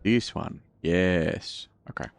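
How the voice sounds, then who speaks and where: A deep-voiced man with vocal fry speaks slowly while streaming a game, offering casual let's-play commentary and thinking out loud. His voice leaps upward whenever he's surprised.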